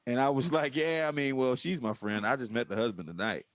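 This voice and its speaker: A man's voice: mid-range voice, brisk, no echo. A man in casual political chat, telling stories emphatically. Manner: animated storytelling, profane, emphatic. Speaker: podcast co-host.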